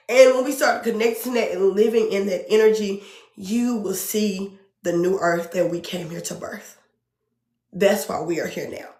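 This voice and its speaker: A woman's voice: mid-range voice, darkish tone, echoey room. A woman speaking as a podcast guest in an earnest, emotional way, often repeating phrases for emphasis. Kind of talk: passionate spiritual conversation.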